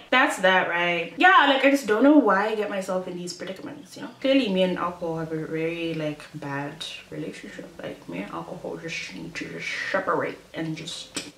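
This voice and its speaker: A young woman, telling a casual storytime to her viewers in a chatty, expressive way and acting out her own past thoughts. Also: lowish voice, normal speed, slight background noise. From Malawi. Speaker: YouTuber. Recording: echoey room.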